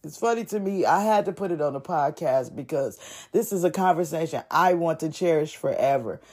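Low-voiced woman chatting with amusement. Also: a little mellow. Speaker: podcast host. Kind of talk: casual podcast narration.

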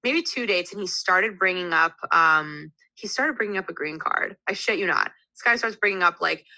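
Candid woman in her thirties, bright crisp voice. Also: lowish voice, moderate pace, dry recording, poor audio. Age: 30s. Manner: candid, animated storyteller full of "like" fillers. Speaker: podcast guest. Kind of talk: casual chat.

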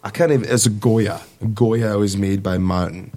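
A man in his twenties with a Midwestern American accent, a Navy sailor and guitarist talking in a relaxed, rambling way in a casual interview. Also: on the low side, normal speed. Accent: Midwestern American, put-on. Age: 20s. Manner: relaxed, rambling, laughs easily.

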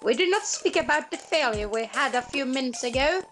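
A young woman with a high voice hosts a casual podcast, rattling off crude jokes and swearing freely. Her talk is quick and rough-edged, and music plays clearly behind her. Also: lively intonation, a bit bright. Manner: fast, crude, joking, swears a lot. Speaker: podcast host.

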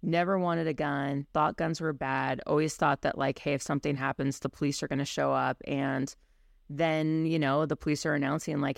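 A woman with a heavily gravelly, fry-laden voice talks bluntly in a relaxed podcast chat. The sound is close and dry, with no room around it, and she peppers her points with casual fillers. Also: sits low, moderate pace, no room sound. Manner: candid and blunt, many fillers like "you know". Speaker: podcast co-host and firearms instructor.

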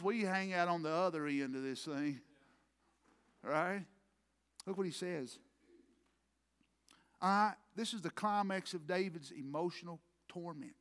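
A man preaching a sermon as pastor, swinging from quiet murmurs to loud impassioned peaks. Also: a little high. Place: church sanctuary.

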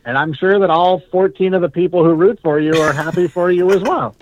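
A man hosting a casual sports chat, rambling and animated, from Southern California. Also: high-pitched, fairly quick, slight background noise. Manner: animated, rambling, mocks fans in put-on voices. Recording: dull dry podcast audio.

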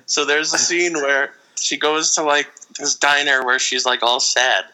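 A man co-hosting a casual podcast, rambling through an animated story with frequent laughs. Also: mid-range voice, a little slow, poor audio. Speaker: podcast co-host. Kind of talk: casual chat.

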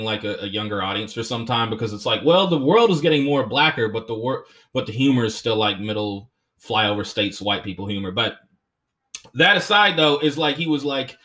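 A young man hosting a podcast, telling stories in an animated way, swearing often and slipping into voices. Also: mid-range voice, normal speed. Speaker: podcast host and comedian. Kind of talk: casual chat.

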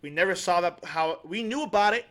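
Excitable man rambling about a show. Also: high voice, a little fast. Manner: excited, rambling, with restarts and laughs. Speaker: podcast co-host. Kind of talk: casual chat.

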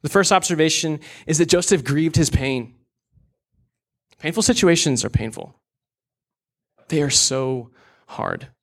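A man's voice: fairly high pitch, measured pace, gravelly, pauses often. A young man preaching a sermon in an earnest, candid way, with casual asides.

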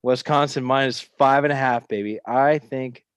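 A man's voice: medium pitch, steady tone, normal speed, smooth, dry recording, clean studio sound. A man co-hosting a podcast, brash and profane, trading betting banter with friends. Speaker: podcast co-host. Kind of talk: casual sports betting chat.

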